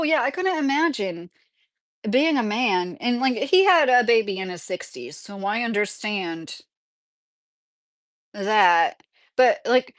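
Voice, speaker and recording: With a voice on the high side and no echo, this livestream host, a woman from Kentucky in her thirties, chats loosely and reads out viewer comments. She rambles and laughs a lot.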